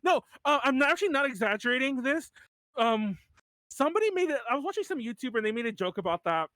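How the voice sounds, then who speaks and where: A man's voice: very high-pitched, sing-song, fast, pushed and bright, no room sound. A man in his thirties hosting a podcast in casual chat, rambling with lots of "like" and restarts and laughing often. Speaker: podcast host.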